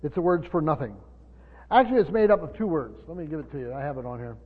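A man preaching a Bible study sermon, often pausing, repeating words and asking his listeners questions. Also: a little high. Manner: halting, repeats words, asks the room questions. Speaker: pastor. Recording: tinny phone-like sound in a reverberant hall.

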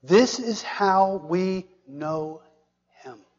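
A man preaching a sermon, asking the congregation questions and dropping to a hushed whisper for emphasis. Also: high voice, expressive, drawn-out words, in a large hall, muffled recording. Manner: dramatic, drops to a hushed whisper for emphasis, asks the audience questions.

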